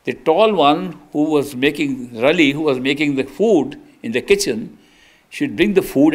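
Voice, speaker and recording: A man's voice: on the high side, expressive, measured pace. An older man giving an earnest sermon as a spiritual teacher, telling stories with emphatic restarts. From India. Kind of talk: storytelling sermon.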